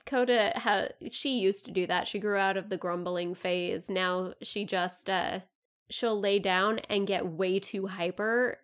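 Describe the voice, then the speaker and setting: Slow-talking woman podcast co-host. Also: medium pitch, fairly even intonation. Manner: unhurried, easygoing, laughs often. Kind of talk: casual podcast chat.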